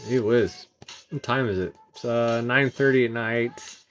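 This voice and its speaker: A man's voice: mid-range voice, slight background noise. Tired man hosting a trading stream. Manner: relaxed, halting, many ums and uhs, greets chat viewers. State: tired, yawning. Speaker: trading livestream host. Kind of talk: casual live-stream chart commentary.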